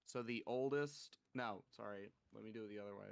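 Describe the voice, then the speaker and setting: A man's voice: fairly low pitch, a little fast, gravelly, clear, resonant tone. A young man co-hosting a podcast, casually telling stories about his work, swearing freely and laughing at his own tales. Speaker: podcast co-host. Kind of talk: casual chat.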